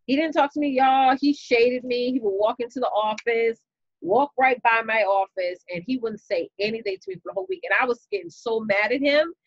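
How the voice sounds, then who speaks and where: A woman with a New York accent tells a story on her live stream, chatty and animated, talking straight to her viewers. Her voice sits a little high. The sound is dry and a bit dull, with no room around it. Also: brisk, dry recording. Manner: animated, chatty, talks straight to viewers with y'all and you know. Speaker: business coach and live-stream host.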